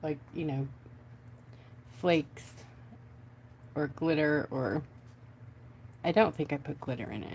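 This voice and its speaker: A woman's voice: low-pitched, takes it slowly, long pauses, a little mellow, slight background noise. A chatty woman, hosting a casual craft livestream from home and talking to her viewers as she works. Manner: chatty, giggly, talks to viewers.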